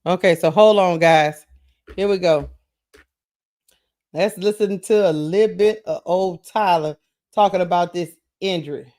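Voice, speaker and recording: A man's voice: high voice, unhurried, pauses often, a little mellow. A man hosting a live sports talk stream, chatting casually, greeting viewers by name and thinking aloud.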